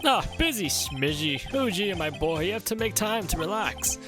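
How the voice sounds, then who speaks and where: A man voicing a jolly, booming older police chief with a hearty, chummy manner, over game music. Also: very animated, normal speed.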